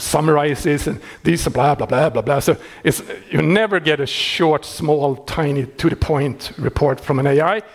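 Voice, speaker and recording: Software maintainer, male, husky timbre, casual talk, amused, chuckles a lot, frequent restarts. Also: a little high. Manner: wry and animated, laughing often, many restarts.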